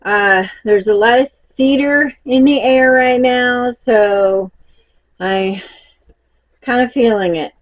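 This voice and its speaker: Slow, folksy Southern woman vlogger. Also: fairly high pitch. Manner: rambling, folksy, laughs often. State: a little out of breath. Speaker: crochet vlogger. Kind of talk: casual vlog chat.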